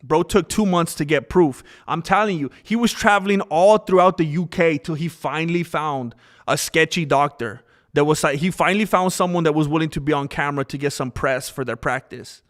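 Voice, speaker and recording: A man hosting a casual livestream, giving opinionated, animated commentary and reading out chat messages. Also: fairly high pitch, fairly quick. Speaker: livestream host.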